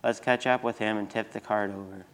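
A man reading as a mischievous boy, flat and low. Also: a little fast. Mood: scheming. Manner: plain storybook reading.

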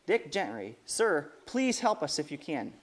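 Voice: medium pitch, very animated, unhurried. A preacher reading the part of a polite, worried young man who pleads for help. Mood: pleading.

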